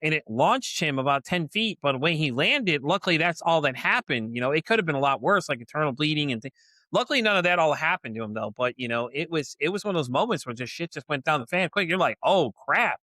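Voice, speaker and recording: A man's voice: fairly high pitch, sing-song, a little fast, pushed and bright, no echo. A middle-aged man hosting a podcast, telling a story in a rambling, casual way, full of "you know" and "like", acting out what people said. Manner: rambling, lots of "you know" and "like", acts out quotes. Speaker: podcast host.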